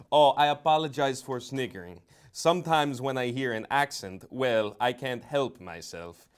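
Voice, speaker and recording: A man hosting an improvised comedy interview in a mock-flattering, teasing manner. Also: medium pitch, smooth.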